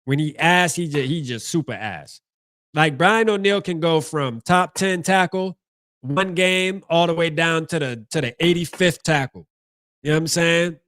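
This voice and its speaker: A man's voice: fairly high pitch, normal speed, fairly bright tone, no room sound, clean studio sound. A man hosting a fan postgame show, ranting casually with slang and lots of repeats and restarts.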